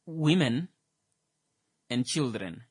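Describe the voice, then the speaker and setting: A man's voice: medium pitch, expressive, very slow, husky, no echo. Hesitant man, dry sound. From Namibia. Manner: hesitant, many fillers, dry sarcastic humor. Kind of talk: casual discussion.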